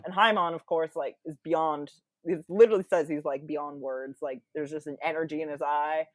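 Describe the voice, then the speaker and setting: A woman as a podcast guest, telling a story in casual, animated chat full of quoted voices. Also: sits low, moderate pace, no room sound.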